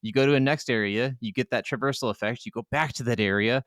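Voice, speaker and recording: Laid-back guy cohosting a gaming podcast, swears a lot, rambles, smooth voice. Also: mid-range voice, fast talker, a bit bright, no room sound, studio quality. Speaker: podcast co-host. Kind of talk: casual gaming podcast chat. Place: home setup.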